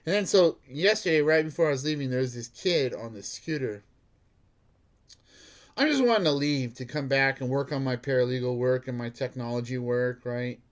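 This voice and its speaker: A man's voice: mid-range voice, normal speed. A man who works as a bank security guard, telling a rambling story in a casual monologue, filled with "like" and laughing at himself.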